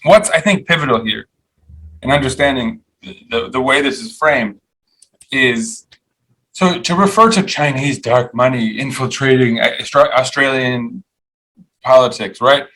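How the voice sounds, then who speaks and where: A man's voice: medium pitch, unhurried, a bit bright, rough recording. A man hosting a podcast, giving opinionated, sardonic commentary on the week's news in a loose, rambling way full of fillers and restarts. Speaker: podcast host.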